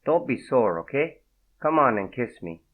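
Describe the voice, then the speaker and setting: Man voicing a brash young gangster, clipped, slightly raised pitch, tinny phone-like audio. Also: big pitch swings, normal speed. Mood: insistent. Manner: brash, clipped, cowboy-like drawl at times. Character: young male gangster, self-loathing and brash.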